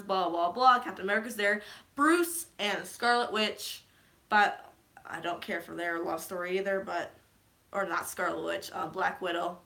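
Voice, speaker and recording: A woman chats through a movie recap in a bright, forceful voice, her tone crisp and energetic. She rambles loosely, gushing, and fills her talk with frequent ums. The delivery sits at an ordinary middle pitch. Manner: rambling, filler-heavy, gushing. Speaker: vlogger. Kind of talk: casual movie recap chat.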